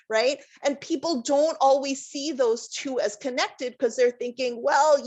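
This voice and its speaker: A woman career center director giving a workshop presentation in a conversational, explanatory way, with frequent um fillers. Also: fairly high pitch.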